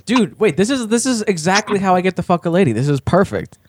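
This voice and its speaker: Lively, teasing young man. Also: high-pitched, fast talker, very noisy. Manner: teasing, provocative jokes. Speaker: podcast co-host. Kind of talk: casual crude banter.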